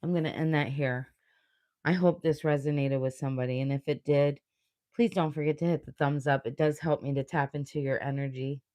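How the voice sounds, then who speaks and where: A woman's voice: deep voice, fairly even intonation, brisk, dark tone. A woman giving a livestream tarot reading, blunt and earnest, swearing as she urges the listener on. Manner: blunt, profane, motivational; earnest, emotional. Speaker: tarot reader.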